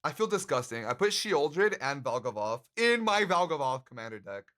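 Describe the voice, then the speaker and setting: A man's voice: on the high side, sing-song, moderate pace, a bit bright. A man streamer chatting casually with his live audience, joking, laughing often and swearing freely. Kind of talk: casual livestream chat. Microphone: handcam stream mic.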